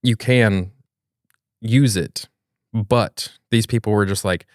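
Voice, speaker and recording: Low-voiced blunt man, casual rant. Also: takes it slowly, dry recording, studio quality. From New York. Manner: ranting, blunt, swears freely. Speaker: podcast co-host. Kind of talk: casual chat.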